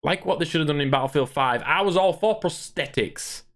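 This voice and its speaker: Talking to his stream chat, this man delivers an irritated, profanity-laced gaming rant. His voice sits a little high and moves a little fast, with a fairly bright tone.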